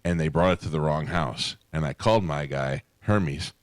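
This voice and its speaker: A man's voice: a bass voice, dry recording. A middle-aged man hosting a radio show, chatting casually and telling joking stories. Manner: storytelling, joking, quick asides. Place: radio studio. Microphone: studio microphone.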